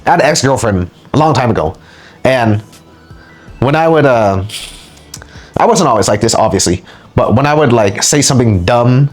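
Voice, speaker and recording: A man's voice: medium pitch, expressive, moderate pace, long pauses, soft background music. A man giving a motivational spiritual lecture as host, speaking emphatically and repeating words for punch. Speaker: spiritual teacher and channel host.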